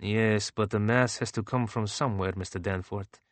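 Brief: male narrator voicing a measured, explanatory alien man; low-set, dry read. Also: fairly even intonation, no room sound, natural voice. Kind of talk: audiobook character reading.

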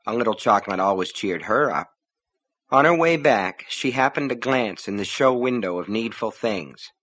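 A man reading a novel aloud as narrator, in measured storytelling. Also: fairly low pitch, expressive, fairly bright tone. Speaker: audiobook narrator. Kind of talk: scripted narration.

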